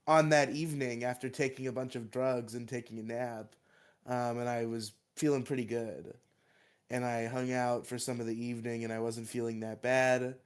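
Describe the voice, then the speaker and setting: A man's voice: mid-range voice, little pitch movement, normal speed, clear, resonant tone. A young man, congested and coughing, rambling and swearing casually as a podcast co-host. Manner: swears freely, rambling and defensive.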